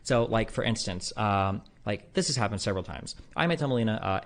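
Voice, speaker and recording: A man's voice: lowish voice, expressive, brisk, hardly any pauses. A man in his thirties talking casually to a stream audience, rambling with lots of fillers and blunt, profane asides. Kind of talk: casual monologue to a livestream audience.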